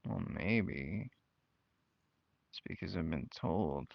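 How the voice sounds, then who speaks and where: A young man speaks straight to his viewers, frank and venting, slipping into mocking voices when he quotes his family. His voice is very deep and gravelly, and his pace is unhurried. The recording is dry and a bit dull and lo-fi. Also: animated, no echo. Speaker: channel host. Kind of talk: personal talk to camera. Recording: dull lo-fi mic.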